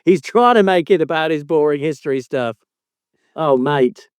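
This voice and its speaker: A man's voice: a little high, expressive, moderate pace, clear, resonant tone, no echo. A male podcast host in casual banter, teasing his co-host with mock outrage and frequent swearing.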